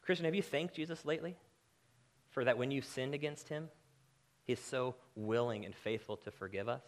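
A man delivers a sermon with real conviction, his voice swelling to loud, emphatic peaks before sinking back to quiet, earnest asides. He sits in a middling pitch for a man and talks to his listeners directly. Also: a little fast. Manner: impassioned, rising to emphatic peaks then dropping low. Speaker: preacher.

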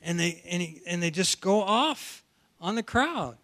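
A man's voice: sits high, expressive, a little slow, fairly bright tone. A man preaching an expository sermon, talking animatedly and often repeating words as he restarts a phrase. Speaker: preacher teaching from the Bible.

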